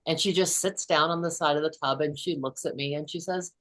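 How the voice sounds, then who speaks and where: Guest in her 60s: low-pitched woman, earnest storyteller, chatty with frequent restarts. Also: fast talker, hardly any pauses. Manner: earnest, many restarts and "you know". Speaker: podcast host and author, guest. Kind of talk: storytelling in a casual interview.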